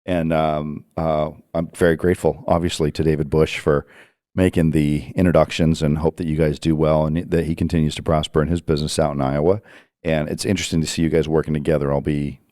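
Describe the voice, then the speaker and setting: A man hosting a podcast, asking questions haltingly with many pauses and restarts. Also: extremely low pitch, little pitch movement, dark tone, no echo, studio quality. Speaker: podcast host. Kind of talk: interview questions.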